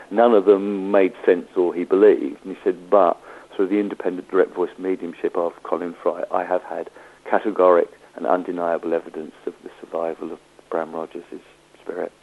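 Male guest, low voice, anecdotal storyteller who voices his quotes. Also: phone-quality sound. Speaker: medium. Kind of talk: storytelling interview.

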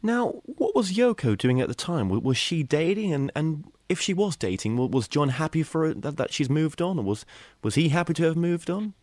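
A man hosts an interview, asking his questions with stammering restarts and a lively, varied pitch. His voice is dry and close, with no room sound. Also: normal speed, hardly any pauses, no echo. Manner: stammering, repeats words when starting questions.

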